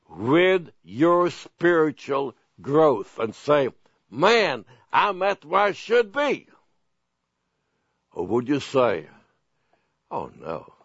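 A man's voice: medium pitch, gravelly, dry recording, muffled recording. A man preaching a televised sermon, emphatic and full of rhetorical questions. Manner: emphatic, rhetorical questions, slow deliberate delivery.

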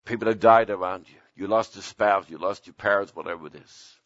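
An older man, a pastor, preaching an impassioned sermon whose pitch climbs suddenly at its peaks. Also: fairly quick, a bit bright, no echo, lo-fi sound.

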